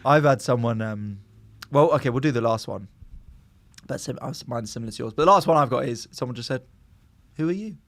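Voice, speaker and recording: A man's voice: mid-range voice, fast talker, a bit bright. A man co-hosting a podcast, trading teasing, joking banter in casual chat. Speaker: podcast co-host.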